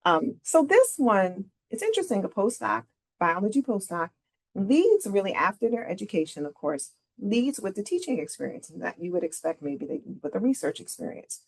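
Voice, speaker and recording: A woman's voice: medium pitch, big pitch swings, moderate pace, breathy edge. A middle-aged woman leading a careers workshop, walking through slides in a conversational way and often checking in with "right?". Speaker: career advisor presenting a workshop.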